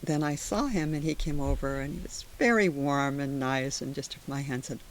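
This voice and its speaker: An older woman from the Sacramento area recounting memories in an oral history interview, animated and acting out the dialogue as she talks. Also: rumbling low, brisk, a little hiss or hum. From Sacramento area, USA. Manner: animated, re-enacts dialogue in her stories. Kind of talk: conversational storytelling.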